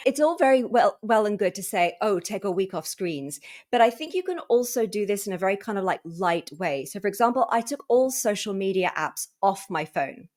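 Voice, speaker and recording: A woman hosting a wellness podcast in a casual conversational way, acting out her own inner thoughts with lively emphasis. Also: mid-range voice. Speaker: podcast host.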